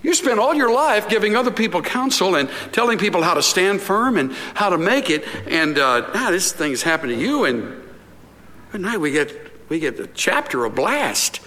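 A middle-aged man preaching a conversational sermon, telling stories and acting out scenes as he goes. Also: high voice. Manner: animated storytelling, acts out scenes. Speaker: pastor. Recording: long reverb of a large hall.

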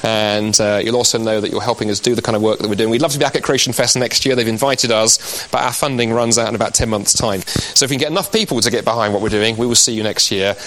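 A man's voice: lowish voice, fairly even intonation, quick pace, fairly bright tone, poor audio. A man with an English accent giving a live, conversational and persuasive Christian apologetics talk to an audience, dropping frequent "you know" asides.

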